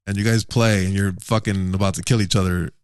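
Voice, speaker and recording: A man's voice: sits low, steady tone, a little fast, clean tone. A man hosting a casual podcast chat, loose and joking, swearing freely. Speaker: podcast host.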